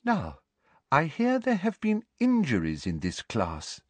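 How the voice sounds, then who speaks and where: A man voicing a sugary, menacing middle-aged woman official who speaks softly and with cold politeness. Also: fairly high pitch, wildly swooping pitch, a little slow, no echo, voice pushed up, exaggerated voice. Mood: prim. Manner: soft, prim, coldly polite.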